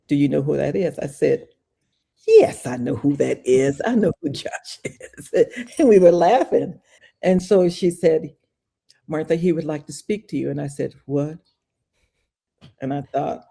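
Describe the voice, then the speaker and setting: An older woman tells a story with gusto, her voice gravelly and warm-toned. She acts out the voices of the call and shrieks her exclamations. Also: sits low. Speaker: podcast guest. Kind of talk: animated storytelling.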